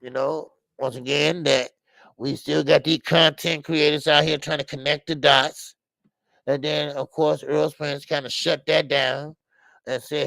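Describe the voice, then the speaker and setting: A man's voice: a little high, unhurried, creaky, dry recording. Heated male boxing show host. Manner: heated, animated, repetitive fillers. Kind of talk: casual opinionated commentary.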